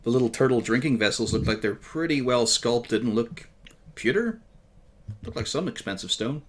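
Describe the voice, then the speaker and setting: A man running a tabletop game as game master, describing scenes in a relaxed way and laughing easily. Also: mid-range voice, moderate pace.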